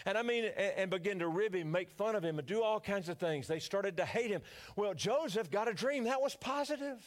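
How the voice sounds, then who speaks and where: An older pastor with a Louisiana accent preaches a sermon in a folksy, joking style. His voice sits high for a man, and he speaks to the congregation as a storyteller.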